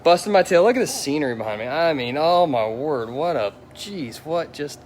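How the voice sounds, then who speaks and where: A man's voice: fairly high pitch, moderate pace, slight background noise. Giddy man gushing over cars. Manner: wildly excited, gushing, repeats exclamations. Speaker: auto detailer showing his work. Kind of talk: live-streamed car reveal vlog. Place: outdoors beside parked cars.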